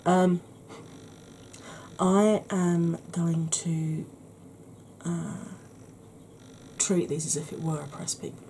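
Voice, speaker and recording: Brief: woman, soft ASMR tutor, husky, mellow low voice, faint hiss. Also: steady tone, takes it slowly, long pauses. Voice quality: slightly husky. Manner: chatty, explanatory, soft-spoken. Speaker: makeup tutorial host.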